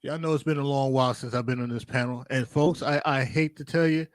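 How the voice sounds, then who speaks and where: A man's voice: medium pitch, steady tone, brisk, no echo, studio quality. A man joining a casual panel chat, joking in a playful, drawling way.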